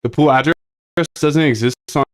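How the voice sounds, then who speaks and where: A streamer codes a trading bot live, talking to himself and his chat in slangy, casual fashion and calling everyone dude. His mid-range voice holds a steady tone at a moderate pace, and the recording is dry.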